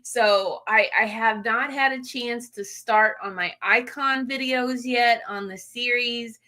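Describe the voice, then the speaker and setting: Her voice sits a little high and has a sharp tone, and she takes her time speaking. She's a livestream host chatting casually with viewers, gushing over them emotionally with plenty of fillers.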